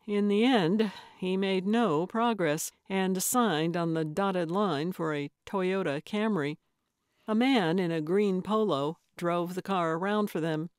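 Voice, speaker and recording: A woman narrating a cozy mystery audiobook in a slow, measured storytelling manner. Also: lowish voice, dry recording, studio quality. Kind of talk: scripted narration.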